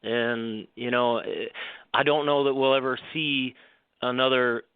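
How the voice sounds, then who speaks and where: A male golf professional, a guest, telling stories in a rambling, animated way with many restarts. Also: medium pitch, measured pace, clear, resonant tone, no room sound. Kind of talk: storytelling on a radio show. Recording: dry phone line.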